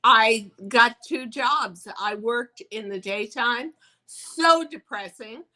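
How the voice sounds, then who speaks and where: An older woman, a fashion designer, telling her life story as an interview guest, animated and acting out the voices of people she quotes. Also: a little high, slow pace, poor audio.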